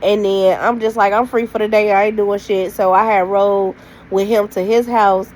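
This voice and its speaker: In a rough recording with slight background noise, a storytime vlogger addresses her viewers directly, rambling loosely and casually with plenty of slang and "like"s. Her voice is mid-range and darkish, delivered flatly at normal speed.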